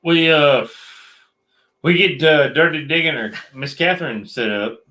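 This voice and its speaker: A man with a drawl chats through a late-night livestream from a metal shop. His voice is bright and forceful, and he teases along in a relaxed, joking way. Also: fairly high pitch, unhurried. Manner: joking, drawling Southern talk. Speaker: livestream co-host.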